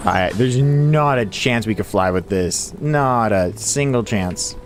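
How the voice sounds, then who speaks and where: A man's voice: mid-range voice, slow. A man streaming a building game, chatting casually to his viewers and to himself as he plays, laughing often. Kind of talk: casual live-stream commentary. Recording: faint music behind.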